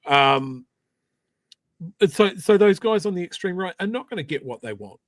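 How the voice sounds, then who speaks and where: A man co-hosting a casual political podcast, animated and emphatic, repeating his words for stress. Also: high-pitched, normal speed, dry recording. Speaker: podcast co-host.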